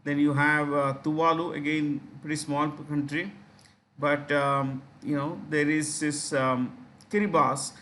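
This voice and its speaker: A man's voice: fairly high pitch, level tone, a little slow, a bit bright, slight background noise. A man with an Indian English accent giving an exam-prep lecture, explaining step by step with many fillers and repeated key terms. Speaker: teacher.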